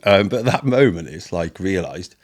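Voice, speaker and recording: A low-pitched man from Britain talks casually as a podcast guest. He tells long stories, swears freely and slips into the voices of the people in them. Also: lively intonation, moderate pace. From United Kingdom. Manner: swears often, storytelling, acts out quotes. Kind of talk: casual chat.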